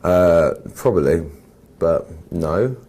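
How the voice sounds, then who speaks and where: A man with an English accent speaks low and slow, his tone mellow and dark. He answers an interviewer's questions with a dry, measured, gently teasing manner, casual and unhurried. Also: lively intonation. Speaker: actor being interviewed.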